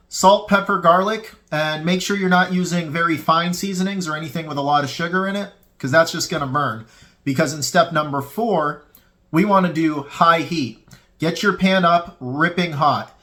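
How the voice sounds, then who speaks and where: The man here hosts a fitness cooking channel, chatting casually to viewers from his home kitchen while eating. A camera mic on a tripod records his slightly high voice, which has a sharp tone.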